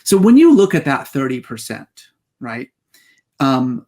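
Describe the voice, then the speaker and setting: A man's voice: medium pitch, big pitch swings, unhurried, a little mellow. A man hosting an interview, asking long, thoughtful questions with some hesitations and restarts. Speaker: talk show host, interviewer. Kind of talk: conversational interview over drinks.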